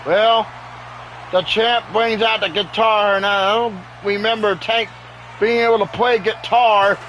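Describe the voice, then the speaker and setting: Man, very high voice, slow unhurried delivery, excitable game commentary, home recording. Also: slight background noise, poor audio. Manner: excitable, keeps exclaiming "uh-oh". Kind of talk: play-by-play commentary over a wrestling game. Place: home with sleeping dogs nearby.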